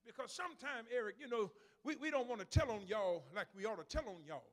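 High-voiced shouting preacher man. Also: animated, fast. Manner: shouting call-and-response with rhythmic repetition. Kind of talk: sermon.

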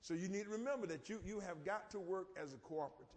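Speaking fast in a high-pitched voice, a middle-aged pastor preaches informally and folksily, using dialect and call-and-response. The church hall gives an echoey reverb.

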